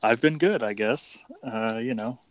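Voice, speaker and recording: A man's voice: mid-range voice, unhurried. A man in his thirties, a stream guest, talking casually with hesitant, rambling phrasing. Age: 30s. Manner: rambling, hesitant, many fillers. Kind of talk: casual live-stream chat.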